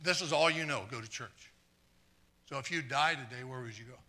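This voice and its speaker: A man preaching a live sermon, earnest and stumbling over repeated words, trading jokes with the congregation and swinging from quiet asides to fired-up exclamations. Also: medium pitch, fairly quick, slight background noise. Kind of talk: live sermon with audience volunteers.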